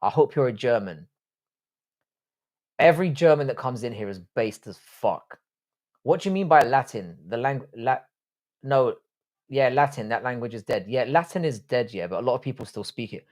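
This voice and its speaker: A man's voice: mid-range voice, animated, normal speed. A middle-aged man with a posh English accent, hosting a casual live stream with rambling, sweary chat. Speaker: livestream host.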